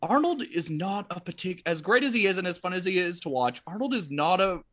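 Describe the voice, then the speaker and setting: A man with a fairly high voice chats casually on a podcast as co-host. He rambles through his stories with fillers and restarts. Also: animated, a little fast, fairly bright tone. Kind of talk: casual chat.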